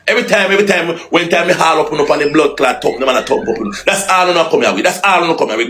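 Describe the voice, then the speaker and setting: Jamaican guy going off on a live stream, cussing and taunting, kinda high voice. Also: racing, few pauses, bright, forceful tone. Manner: heated, profane, taunting, repetitive. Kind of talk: angry live-stream rant.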